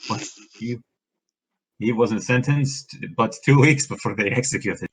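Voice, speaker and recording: A man's voice: medium pitch, unhurried, slightly rough, low-quality recording. A man chatting and joking casually while playing through a game with a friend. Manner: joking, laughing between lines. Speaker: let's play co-player. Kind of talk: casual chat over a game.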